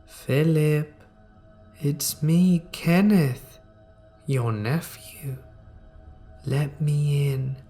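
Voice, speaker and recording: A man voicing an inhuman thing that mimics a man, speaking in a hauntingly calm, clear, emotionless way. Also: a little high, drawn-out words, pauses often, soft background music. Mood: eerily calm.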